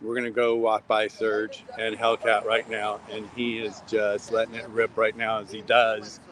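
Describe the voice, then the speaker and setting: A man's voice: on the low side, completely flat delivery, normal speed, crowd noise, low-quality recording. A man rambling heartfelt to his viewers in a casual walk-and-talk vlog, filmed outdoors on a city street. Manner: rambling, heartfelt, repeats himself, talks straight to viewers. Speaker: vlogger filming outside a building.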